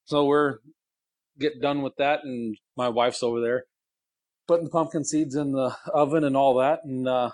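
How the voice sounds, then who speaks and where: A man's voice: medium pitch, steady tone, normal speed, no echo. A man co-hosting a casual podcast by phone from a car parked in his garage, rambling through self-deprecating stories and laughing often. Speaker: co-host.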